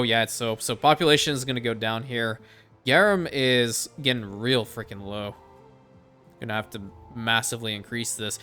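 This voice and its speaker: Guy with a bright punchy voice talking thru his city builder game, cussing a bit, soft music under it. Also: medium pitch. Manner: thinks aloud, casual swearing. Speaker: let's play host. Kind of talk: casual gameplay commentary.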